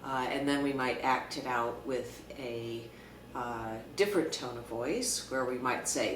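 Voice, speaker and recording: Woman clinician, measured and calm, recorded off-mic in a roomy space with faint background hiss. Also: a bass voice. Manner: calm, measured, with frequent fillers. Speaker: clinical social worker teaching. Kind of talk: explanatory talk to camera. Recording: echoey room, mic at a distance.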